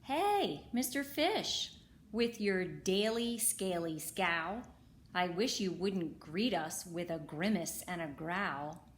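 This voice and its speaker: A woman voicing a high sing-song jellyfish. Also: expressive, slow, a little hiss or hum. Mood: pleading. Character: gentle floating male jellyfish.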